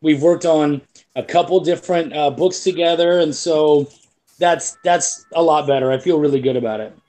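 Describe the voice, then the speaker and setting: A comic book creator chatting casually, an animated storyteller who swears freely. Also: male voice, a little high, normal speed. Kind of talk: casual chat.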